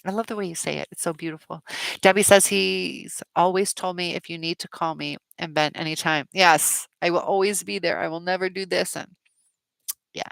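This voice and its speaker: A middle-aged woman hosts a live chat stream and answers viewers in a loose, rambling way, full of fillers and encouragement. Her voice has a gravelly fry and a bright, forceful edge. The sound is dry and close, with no room around it. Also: fairly low pitch, steady tone, normal speed, no echo. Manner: rambling, many fillers, supportive.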